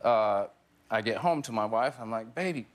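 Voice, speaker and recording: On a talk show set before a live studio audience, a guest in his forties recounts a funny story at normal speed in a lowish voice, breaking into laughter as he hits each punchline.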